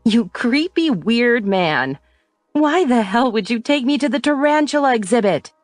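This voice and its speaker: A woman voicing a sharp-tongued young woman in an audiobook, sounding exasperated. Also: on the low side, lively intonation, normal speed, no room sound, soft background music, natural voice.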